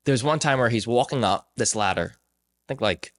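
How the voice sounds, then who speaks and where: The speaker is a young man with a medium-pitched voice at a normal speed, hosting a podcast. His storytelling is relaxed and conversational but lively, and he performs the quoted voices of the characters.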